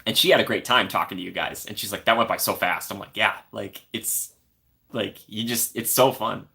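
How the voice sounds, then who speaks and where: Young male streamer, slightly low voice, warm rambling chat with viewers, apartment setting. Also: normal speed, vocal fry. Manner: friendly, rambling, reads viewer comments aloud. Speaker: live streamer. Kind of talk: casual live stream chat. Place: corner of an apartment.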